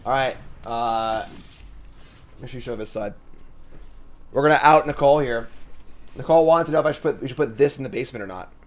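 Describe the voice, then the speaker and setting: A man's voice: medium pitch, fairly quick, pauses often. A man streaming a card game, thinking aloud in casual commentary and trailing off with fillers.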